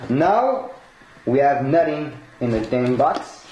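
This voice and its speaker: Excitable man, non-native English, echoey room. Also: medium pitch, slow pace. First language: not English. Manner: excitable, laughs often, broken English, swears. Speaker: collectibles unboxer. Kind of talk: unboxing vlog. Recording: echoey room with noisy background.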